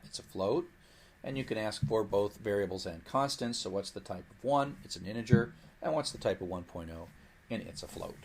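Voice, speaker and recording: Gravelly low-voiced male lecturer. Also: a little hiss or hum. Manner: playful, voices the computer as a character. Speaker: programming lecturer. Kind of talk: recorded lecture.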